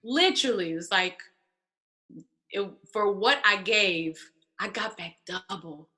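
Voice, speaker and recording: A woman guest telling a personal story in casual conversation, animated and acting out quoted voices. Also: mid-range voice, a little slow. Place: church stage.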